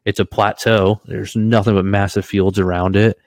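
A man in his thirties co-hosting a podcast, telling a story in an animated way, swearing freely and laughing as he goes. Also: fairly low pitch, normal speed, no room sound. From Washington state, US. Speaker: podcast co-host. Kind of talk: casual storytelling chat.

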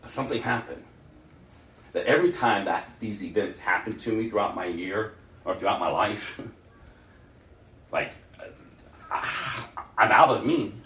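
A man preaching a sermon as pastor, animated, swinging between loud outbursts and near-whispers. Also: on the low side, normal speed, long pauses, a little hiss or hum. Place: church. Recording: roomy and distant mic with faint ambience.

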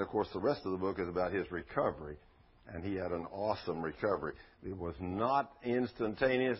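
A man's voice: lowish voice, slightly rough, highs cut off. A man preaching a sermon, telling stories in a folksy way with rhetorical questions.

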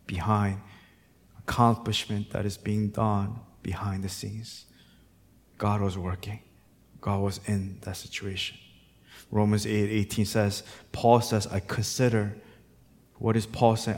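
A male pastor preaching a sermon, moving between quiet, reflective passages and loud, impassioned exhortation. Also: fairly low pitch, level tone, takes it slowly, long pauses, long reverb tail.

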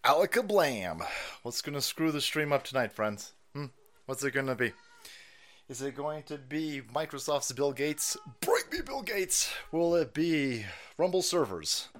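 A man's voice: mid-range voice, normal speed. A man hosting a political livestream, ranting loosely and profanely with a rowdy, mocking delivery. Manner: rowdy and mocking, with sudden shouts and mock voices.

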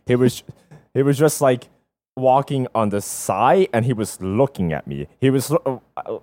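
A young man co-hosting a podcast, telling an animated story with plenty of swearing and laughter. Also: mid-range voice, unhurried, no echo. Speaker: podcast co-host. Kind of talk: casual chat.

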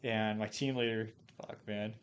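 A man's voice: lowish voice, fairly even intonation, normal speed, muffled recording, a little hiss or hum. A man from Idaho, a podcast guest and former Marine, telling casual stories in a profane, rambling way full of fillers and restarts. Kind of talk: casual storytelling.

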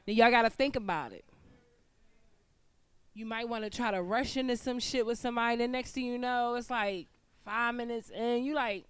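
A woman's voice: fairly high pitch, expressive, brisk, smooth. A woman from the audience speaking up at a live podcast debate, frank, candid and profane. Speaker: audience member.

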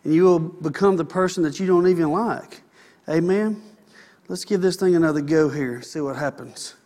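A man's voice: fairly high pitch, moderate pace, darkish tone. A man preaching a sermon in a folksy, conversational way, with asides to the congregation. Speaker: pastor.

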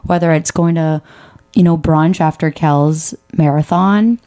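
A woman's voice: deep voice, steady tone, measured pace, mellow. A woman in her twenties co-hosting a podcast, supportive and blunt in casual chat. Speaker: podcast co-host.

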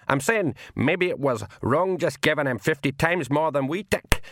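A man voicing a gruff, tiny male pixie warrior in a high, squeaky brogue. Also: lively intonation, moderate pace, background noise. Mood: worried.

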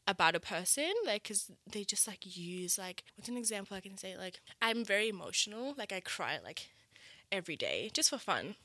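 Bright-voiced young woman chatting candidly. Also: medium pitch, big pitch swings, moderate pace, dry recording, clean studio sound. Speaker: guest. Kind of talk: casual chat.

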